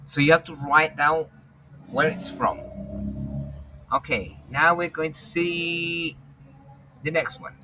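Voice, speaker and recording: Bright-voiced man teaching online. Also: fairly high pitch, slow, pauses often, slight background noise, rough recording. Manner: repeats instructions, animated, laughs often. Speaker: language teacher. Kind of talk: online class instruction.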